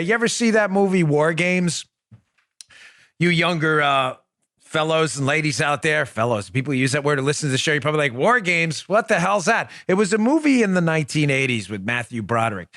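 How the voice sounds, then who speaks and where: A man's voice: on the high side, fairly bright tone, dry recording. A man hosting a political talk show, delivering an emphatic, sarcastic monologue into a close studio mic. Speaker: host.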